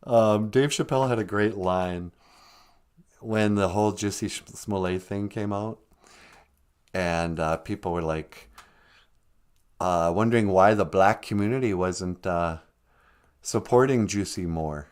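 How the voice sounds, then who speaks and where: A man's voice: lowish voice, measured pace, long pauses, clear, resonant tone. A man hosting a podcast in casual, jokey chat, teasing his co-host and greeting listeners. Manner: jokey, teasing, calls people sweetie.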